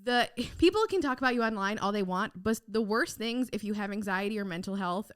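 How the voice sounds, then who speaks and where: A young woman chatting as a podcast guest, her pitch sitting right in the middle of the range. She tells stories with lively energy and slips into voices when she quotes people. Her talk is frank and casual, with a curse now and then. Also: a little fast, smooth. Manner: animated storyteller who acts out quoted lines. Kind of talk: casual interview chat.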